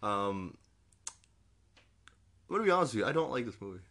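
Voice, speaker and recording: A man's voice: on the low side, big pitch swings, fairly quick. A man chatting casually about a film in a dry, teasing way. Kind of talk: casual movie recap chat. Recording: loud background noise.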